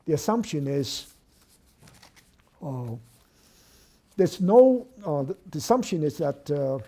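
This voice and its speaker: A man giving an academic lecture, thoughtful and hesitant, pausing on fillers and restarting phrases, then stressing key words. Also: fairly high pitch, big pitch swings, dark tone.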